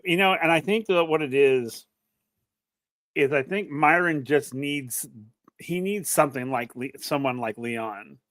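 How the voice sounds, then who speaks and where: A man chatting casually as a podcast co-host, recorded close and dry with no room sound. His voice sits at an ordinary middle pitch. He talks emphatically, repeating and restarting phrases as he goes. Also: fairly bright tone, no echo. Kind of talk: casual wrestling review chat. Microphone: podcast mic.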